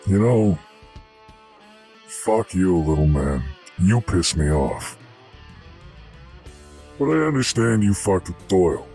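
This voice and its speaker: A man voicing a crude, belligerent duke who swears and blusters loudly in a gravelly tone. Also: sits low, sing-song, slow pace, long pauses, faint music behind, voice pushed down, full character voice. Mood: hostile. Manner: rude, blustering, loud. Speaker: game master voicing a character.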